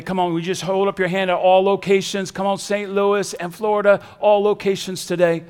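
A male pastor preaching a sermon, emphatic and repetitive, swinging from loud to hushed. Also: sits high, little pitch movement, a little fast, few pauses, clean tone, big-room sound, some chatter behind. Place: large church serving several sites.

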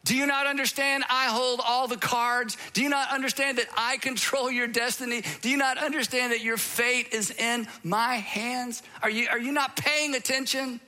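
A man's voice: very high voice, fairly even intonation, bright, forceful tone, voice pushed up, exaggerated voice. A man voicing an exasperated, proud Roman governor who fires off insistent questions. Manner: insistent, rapid-fire questions.

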